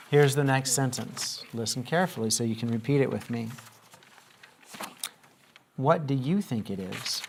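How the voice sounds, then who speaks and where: A man's voice: mid-range voice, normal speed, vocal fry, pauses often. A man teaching a classroom lesson, patiently asking questions and having students repeat after him.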